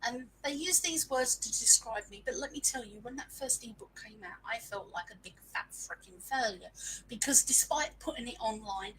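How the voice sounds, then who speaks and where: A woman's voice: a little high, moderate pace, a bit bright, slight background noise, low-quality recording. A woman, telling a frank, self-mocking story in a casual live stream and sprinkling in mild swearing. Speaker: small business owner sharing marketing lessons.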